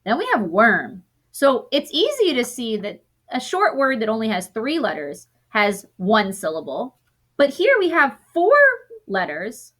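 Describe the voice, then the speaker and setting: A woman teaching a recorded lesson to young students, sounding out word parts slowly and often correcting herself as she goes. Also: fairly high pitch, a bit bright.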